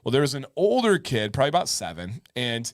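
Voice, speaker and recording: A man co-hosting a live show in casual chat, a lively storyteller who acts out other people's voices. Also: medium pitch, fast, no echo, studio quality. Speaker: co-host of a live advice show.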